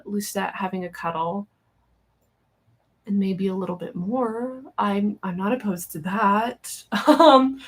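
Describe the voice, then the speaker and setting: Rambling, giggly woman hosting a live Q&A. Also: medium pitch. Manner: rambling and chatty, with many fillers and restarts; self-mocking and giggly. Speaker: livestream host answering viewer questions. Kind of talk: casual live Q&A chat.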